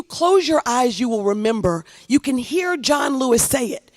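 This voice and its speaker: A woman's voice: high-pitched, very animated, moderate pace, hardly any pauses. Impassioned woman speaking in a reverberant hall. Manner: impassioned, rising to rallying calls; repeats phrases for emphasis. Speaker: congresswoman. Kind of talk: speech at a commemoration event.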